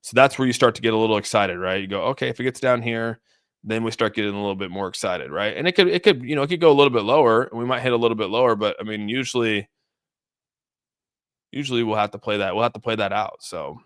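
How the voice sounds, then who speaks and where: Smooth-voiced man, dry close sound. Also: fairly low pitch, quick pace, fairly bright tone, no echo. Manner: loose and chatty, many restarts, reads donor messages. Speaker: crypto streamer. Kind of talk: casual livestream chart commentary.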